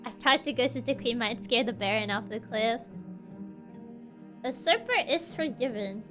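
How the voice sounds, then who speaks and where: A woman's voice: a little high, normal speed, over music. A woman streamer giving casual, giggly game commentary, playful and laughing often.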